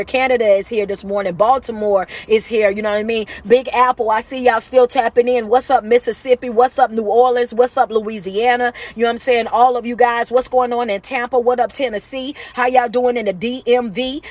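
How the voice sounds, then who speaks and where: Woman motivational speaker, upbeat and casual, running phone live-stream shout-outs. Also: fairly high pitch. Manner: upbeat, repetitive greetings, casual slang.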